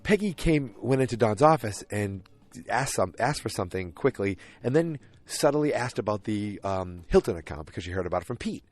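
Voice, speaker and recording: Speaking fairly quickly with a lowish voice and lively intonation, this man hosts a podcast and casually recaps an episode. He wanders into asides, stumbles through plenty of fillers and restarts, and performs the characters' lines in their voices. The recording is dry, with faint music in the background.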